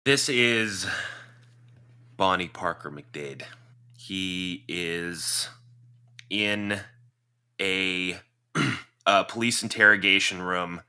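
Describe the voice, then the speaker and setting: A man's voice: deep voice, drawn-out words, pauses often, bright, forceful tone, clear, resonant tone. A man narrating his character's scene in a tabletop role-play game, hesitant and full of fillers. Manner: hesitant, filler-heavy storytelling. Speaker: player.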